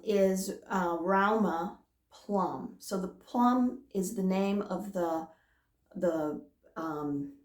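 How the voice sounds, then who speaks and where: A woman hosting a knitting vlog, talking casually and hesitantly with many pauses and fillers. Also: on the low side, reverberant. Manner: hesitant, many "um"s, warm and chatty. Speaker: knitting podcast host. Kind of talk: casual chat to camera.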